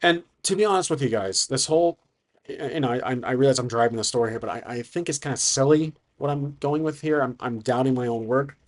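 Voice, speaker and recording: A man's voice: medium pitch, brisk. A man narrating a solo tabletop game, thinking aloud and hesitant, with frequent restarts.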